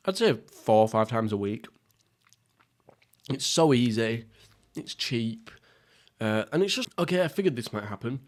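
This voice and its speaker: Young guy, solo mukbang podcast host, loose, sweary, giggly rambler, mid-pitched voice. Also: a little mellow. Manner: rambling, sweary, laughs at himself. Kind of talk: casual mukbang podcast chat. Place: at home, seated.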